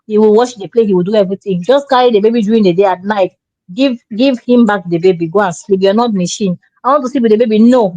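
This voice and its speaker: Lady preaching marriage advice, storytelling, kinda high voice, muffled dry recording. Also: a little mellow, no room sound. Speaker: relationship show co-host. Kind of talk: opinionated advice talk. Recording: dull lo-fi sound.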